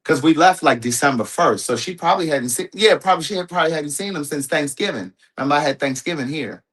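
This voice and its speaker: Hosting a livestream from home, a man rambles through a personal story for his viewers, restarting and throwing in asides. He talks fast, with a slightly high, somewhat bright voice.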